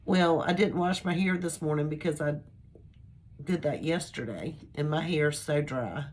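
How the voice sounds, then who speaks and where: Slow, low-voiced older woman vlogging. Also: a little mellow. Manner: rambling, chatty, homespun. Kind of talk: casual personal chat to camera.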